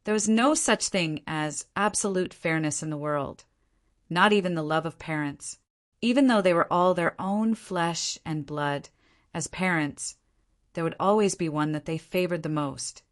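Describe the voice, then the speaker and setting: Low-voiced woman narrating an audiobook. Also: unhurried. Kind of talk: scripted narration.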